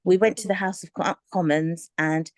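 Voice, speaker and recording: A woman, talking candidly and in a rambling, animated way on a coaching call, often laughing. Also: lowish voice, moderate pace, no echo. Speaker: aspiring author on a coaching call. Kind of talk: candid casual chat.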